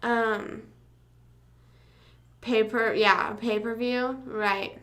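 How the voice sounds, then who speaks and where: A woman's voice: fairly high pitch, steady tone, very slow, a bit bright. A young woman hosting a casual livestream, rambling through school stories with lots of filler words and casual swearing. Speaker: livestream host.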